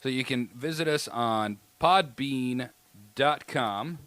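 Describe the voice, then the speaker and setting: A man's voice: medium pitch, slow, fairly bright tone, dry recording. A man co-hosting a casual podcast, playful and laughing at his own jokes. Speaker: podcast co-host.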